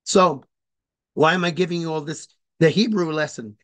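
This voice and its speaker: A man giving an informal lecture, hesitant and deliberate with many fillers and restarts, explaining slowly and spelling words out. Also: a little high, steady tone, a bit bright. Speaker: speaker on religious history.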